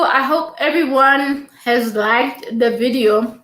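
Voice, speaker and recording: A woman hosts a casual live stream, taking her time over each word in a slightly high voice. She chats along, repeats her thanks and reads viewer comments aloud. The sound is roomy and echoey, picked up by a mic at some distance. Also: takes it slowly, fairly bright tone. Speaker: YouTube live stream host.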